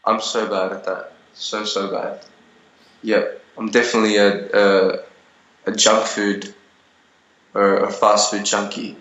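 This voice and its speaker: A man's voice: on the low side, flat delivery, slow pace, pauses often, fairly bright tone, roomy sound, highs cut off. A young man being interviewed over a video call, telling stories in a rambling way with many restarts and fillers.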